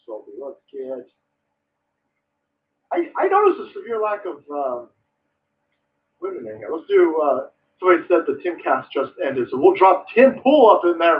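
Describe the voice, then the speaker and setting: High-pitched male streamer, sarcastic and profane political ranter, recorded on a dull, distant mic. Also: sing-song, a little slow. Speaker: live streamer. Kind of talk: ranting political commentary stream.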